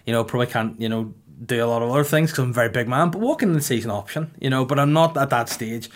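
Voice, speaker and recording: Deadpan man, podcast host. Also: medium pitch, rapid-fire. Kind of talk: casual podcast chat.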